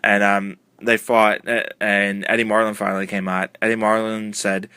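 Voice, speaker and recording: A man's voice: lowish voice, little pitch movement, moderate pace, sharp tone, clear, resonant tone, no room sound. A man casually recapping a wrestling TV episode, retelling it in a loose, rambling way full of uh and um. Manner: rambling, filler-heavy retelling with many uh and um. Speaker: wrestling show reviewer.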